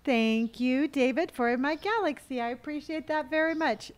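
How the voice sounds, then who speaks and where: A woman with a slightly high voice chats casually through a live game stream. She thanks viewers and answers their questions between tasks. She hums and counts sums under her breath while she plays. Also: moderate pace. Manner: chatty, thanks viewers for gifts and answers chat.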